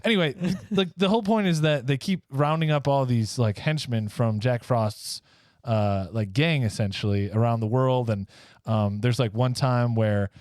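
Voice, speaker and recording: Male podcast host who rambles through his stories; smooth mid-range voice, dry close mic. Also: mid-range voice, normal speed, a little mellow, no room sound. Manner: rambling, filler-heavy storytelling. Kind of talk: casual comedic chat.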